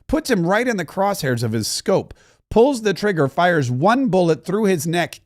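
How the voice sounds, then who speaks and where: Male commentary host, high-pitched, sarcastic and emphatic delivery. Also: no echo, studio quality. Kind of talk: opinionated commentary.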